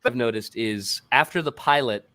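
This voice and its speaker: A man voice actor chatting casually on a stream, animated and rambling, often repeating himself. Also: medium pitch, normal speed, no room sound. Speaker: voice actor guest.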